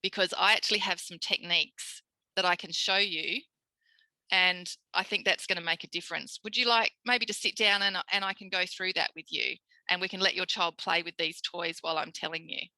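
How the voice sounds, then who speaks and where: An Australian woman, a speech pathologist, giving a recorded tutorial lecture in a lively way, acting out quoted voices. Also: lowish voice, fairly quick, no room sound, poor audio. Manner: animated, acts out quoted voices.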